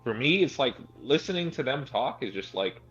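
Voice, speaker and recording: A man's voice: medium pitch, very animated, normal speed, fairly bright tone. A man from Toronto speaks frankly, dropping casual swears as he chats with friends. His voice comes through dull and lo-fi. Faint music sits behind him. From Toronto, Canada. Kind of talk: casual group chat.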